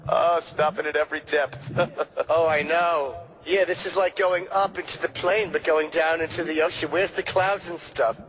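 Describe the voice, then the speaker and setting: A man's voice: on the high side, steady tone, normal speed, fairly bright tone, soft background music, natural voice, poor audio. A man voicing a gossipy old Jewish woman in a radio comedy sketch, kvetching and wisecracking.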